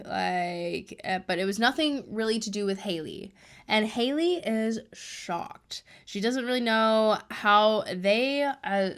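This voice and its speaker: A woman hosting a casual recap of a reality show, retelling events in a chatty, animated way with lots of fillers. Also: medium pitch.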